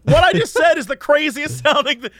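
Very high-voiced, animated storytelling man. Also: fairly quick, no room sound, clean studio sound. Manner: animated, laughing often. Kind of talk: casual chat and storytelling.

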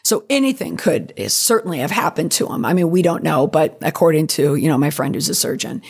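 A middle-aged woman hosting a podcast, telling stories in a chatty, digressive way, her voice slightly creaky. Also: sits low, lively intonation, brisk, darkish tone. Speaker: podcast host and PR professional. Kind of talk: casual monologue.

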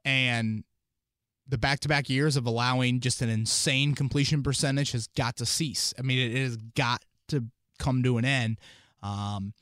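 A man hosting a casual sports podcast, talking in an animated, rambling way with many fillers and restarts. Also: mid-range voice, normal speed, no echo, clean studio sound. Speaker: podcast host and team analyst.

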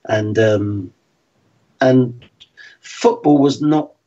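A man in his sixties, a former footballer, talking frankly and in a measured way as an interview guest. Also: medium pitch, warm tone. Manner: frank and plain-spoken, measured. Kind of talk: reflective interview talk. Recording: slightly dull lo-fi sound.

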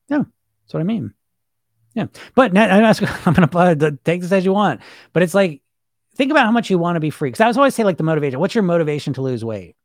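A man's voice: sits high, sing-song, quick pace, no echo, studio quality. A man hosting a weight loss podcast, talking casually in a frank, rambling, blunt way with lots of filler words. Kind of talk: casual motivational talk.

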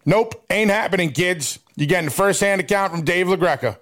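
A man's voice: high-pitched, brisk, a bit bright. A man co-hosting a casual talk show, brash and wisecracking as he reacts and asks questions. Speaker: co-host. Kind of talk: casual chat.

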